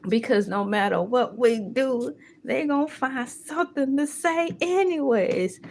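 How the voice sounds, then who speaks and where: A woman hosting a casual live stream, animated and laughing, breaking into sung exclamations. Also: high-pitched, a little slow. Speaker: livestream host.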